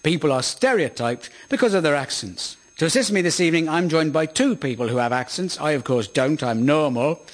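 A man hosting a scripted comedy radio show in a deadpan, sardonic manner, in front of a live audience. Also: a little high, fairly quick, hardly any pauses. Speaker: host. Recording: live audience laughter and studio noise.

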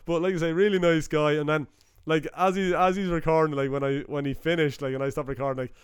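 A man's voice: on the high side, fairly even intonation, quick pace, clear, resonant tone, no echo, studio quality. A man, casually chatting as a podcast host and telling stories with lots of fillers. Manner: chatty storyteller, many fillers, laughs easily. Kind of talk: casual chat.

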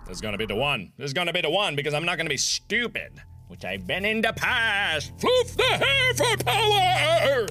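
A man giving let's-play commentary in loud, profane outbursts and frustrated shouting. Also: sits high, big pitch swings, moderate pace, hardly any pauses. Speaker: gamer. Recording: clear game music under the voice. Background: game music.

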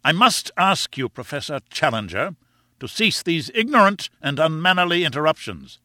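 A man voicing a stern, sharp-tongued male lecturer who declaims in a raised, indignant tone. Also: medium pitch, lively intonation, moderate pace, dry recording, clean studio sound.

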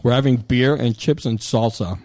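A man's voice: medium pitch, moderate pace, warm tone, dry recording. A man hosting a podcast, chatting casually and loosely, swearing now and then, close to the mic. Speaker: podcast host. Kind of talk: casual chat. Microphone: close mic, eating near it.

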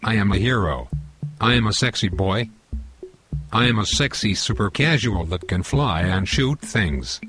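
A male text-to-speech voice playing a boastful, violent football hooligan, in a flat robotic delivery. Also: fairly low pitch, a little slow, music in the background. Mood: boastful threats.

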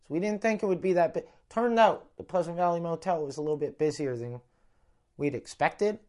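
A man's voice: a little high, a little fast, darkish tone. A man with a Canadian accent, a comedian telling a rambling, profane road-trip story in casual podcast talk. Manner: rambling, profane, self-interrupting.

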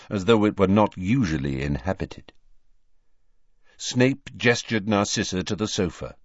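A man narrating an audiobook in a measured, expressive storytelling manner, recorded dry and dull. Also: sits low, dry recording. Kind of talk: scripted narration.

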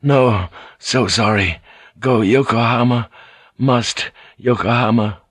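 A man voicing an exhausted, dazed male ship's pilot who speaks haltingly in an audiobook. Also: medium pitch, fairly bright tone, husky, dry recording, clean studio sound. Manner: halting, strained, desperate.

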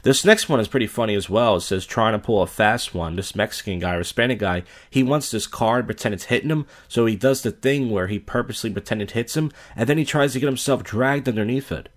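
A man with a fairly low voice hosts a reaction video in a loose, casual way. His commentary is blunt and crude, and he talks straight over the clips. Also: quick pace, hardly any pauses. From Philadelphia.

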